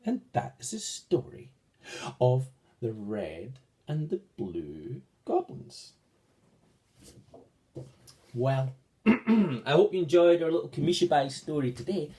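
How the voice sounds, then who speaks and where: A man telling a picture story to children, his voice mellow and dark. He reads slowly, letting his pitch rise and fall widely to paint each scene. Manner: slow, expressive read-aloud with sweeping pitch.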